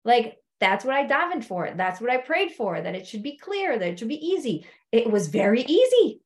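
A woman coach telling stories from her clients in an animated, conversational way, often checking in with her listeners. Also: on the high side, moderate pace. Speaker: life coach. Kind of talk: storytelling coaching talk.

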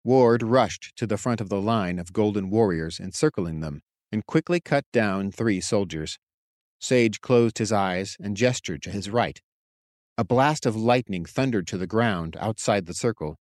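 A man narrating a fantasy story in a steady, even way. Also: fairly low pitch, no room sound, clean studio sound. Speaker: audiobook narrator. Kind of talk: scripted narration.

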